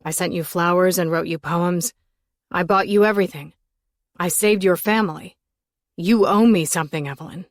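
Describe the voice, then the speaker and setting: A woman's voice: fairly low pitch, moderate pace, dry recording, studio quality, natural voice. A woman reading an audiobook, voicing an obsessive man whose desperate pleading turns threatening. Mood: insistent. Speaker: audiobook narrator voicing a character.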